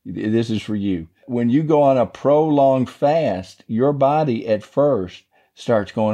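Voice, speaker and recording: Man with a mellow, folksy teaching voice. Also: medium pitch, expressive, unhurried, few pauses, muffled recording. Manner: folksy and rambling, digressive. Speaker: devotional podcast host. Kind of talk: casual Bible teaching.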